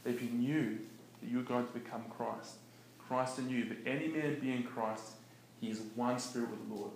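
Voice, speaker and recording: Animated preacher guy chatting casually, laughs a lot, roomy echo, bit of hiss. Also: medium pitch, moderate pace. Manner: animated, conversational, laughs often. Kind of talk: casual teaching talk. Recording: echoey room with faint noise.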